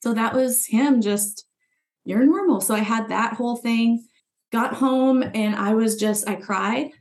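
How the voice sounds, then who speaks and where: With a fairly high, steady voice and an unhurried pace, a woman guest on a podcast tells her story conversationally. She was once a client, and she earnestly acts out what she was thinking at the time.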